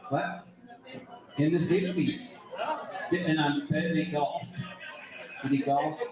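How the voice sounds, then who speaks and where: A man with a New York accent works a crowd as a debate moderator. His voice sits a little high, and he jokes and drives the audience along. He is heard from some distance, with heavy room echo and a lively crowd behind him. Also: slow pace, music in the background. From New York City. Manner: joking, loud crowd-working. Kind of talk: live event hosting with audience. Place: brewery event space with live audience. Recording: echoey room, mic far off, crowd.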